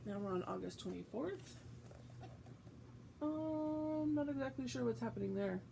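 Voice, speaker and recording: A woman's voice: high-pitched, expressive, unhurried, gravelly, warm tone, slight background noise, poor audio. A woman hosting a casual vlog, reading aloud from a book and chatting, with frequent fillers and self-corrections. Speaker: host.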